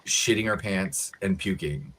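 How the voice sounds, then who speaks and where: An American man, co-host of a casual talk show, telling a story in a lively way and acting out the voices of the people in it. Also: low voice, unhurried, slight background noise. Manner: animated storyteller acting out quotes.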